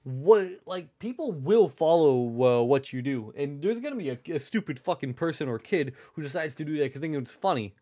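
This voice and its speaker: A young man chatting on his live stream, rambling and swearing, restarting his thoughts as he goes. His voice sits fairly high and jumps all over the place. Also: animated, brisk, few pauses, warm tone. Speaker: livestreamer. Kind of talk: casual live-stream chat.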